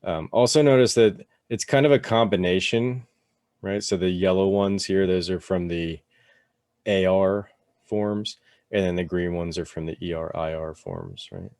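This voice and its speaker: A man teaching a relaxed, casual lesson, with many fillers and "right?" tags as he explains step by step. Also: sits low, unhurried, no room sound, studio quality. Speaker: Spanish teacher.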